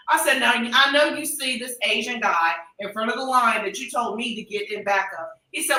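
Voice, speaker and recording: Bright-voiced American woman telling a story. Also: fairly high pitch, fairly quick, far from the mic. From United States. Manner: animated, acts out dialogue in quoted voices. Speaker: expat podcast guest. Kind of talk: casual storytelling chat. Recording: echoey room, a little off-mic.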